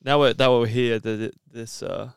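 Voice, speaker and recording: A man co-hosting a podcast, chatting in relaxed, rambling banter. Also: medium pitch, moderate pace, vocal fry, clear, resonant tone, dry recording, studio quality. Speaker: podcast co-host. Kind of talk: casual chat.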